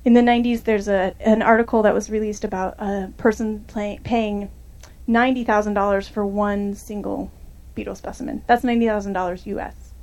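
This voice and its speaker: A woman's voice: mid-range voice, fairly even intonation, brisk, a little mellow. A young woman filmmaker answering audience questions after a screening, in a chatty way full of fillers and restarts.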